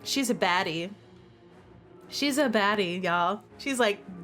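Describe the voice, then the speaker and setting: A young woman reading a dating-sim game aloud and reacting with excited, gushing commentary. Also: slow, soft background music. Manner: excitable and gushing, with big pitch jumps. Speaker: streamer playing a dating sim.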